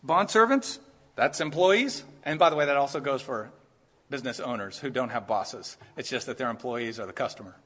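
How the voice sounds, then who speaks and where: A man's voice: medium pitch, brisk, a bit bright. A middle-aged man preaching a sermon in a church, talking to the congregation conversationally and with emphasis, and dropping in joking asides.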